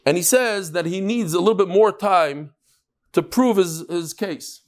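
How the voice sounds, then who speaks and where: In a relaxed Talmud lesson, a male teacher whose voice sits high speaks a little slowly. He weaves in Hebrew and Yiddish words and shares humorous anecdotes and jokes.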